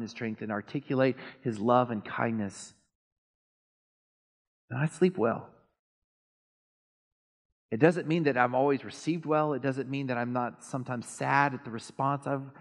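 A man preaching a sermon as pastor, animated and self-deprecating, swinging between quiet asides and loud emphasis. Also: mid-range voice. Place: church sanctuary. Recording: long reverb of a church hall.

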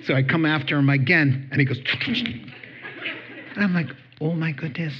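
A man's voice: fairly high pitch, normal speed, lo-fi sound, slight background noise. A man preaching a sermon, telling stories with acted-out voices and laughing at his own jokes. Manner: animated storytelling, acts out voices and laughs. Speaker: pastor.

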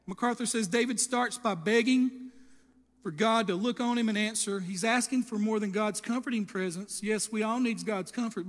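In a church sanctuary, a pastor with a high-pitched, fairly bright voice delivers a fervent sermon. His words fade into a long reverb from the hall, and he frequently stumbles and restarts his phrases.

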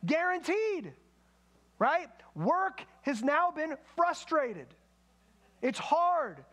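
A man's voice: very high-pitched, very animated, drawn-out words, fairly bright tone. A man preaching a sermon in a conversational way, with asides to the congregation. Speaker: pastor.

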